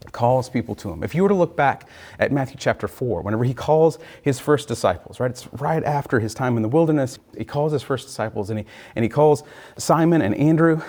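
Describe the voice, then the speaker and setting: Guy preaching, chill and chatty, warm mellow voice, keeps asking "right?". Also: medium pitch. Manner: casual and thinking aloud, often checking in with listeners. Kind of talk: conversational Bible teaching.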